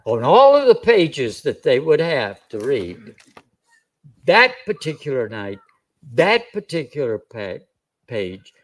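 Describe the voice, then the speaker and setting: A man's voice: medium pitch, huge pitch swings, slow. A man preaching a sermon, retelling a scripture story in a folksy, conversational way. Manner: folksy, conversational, with chuckles and restarts.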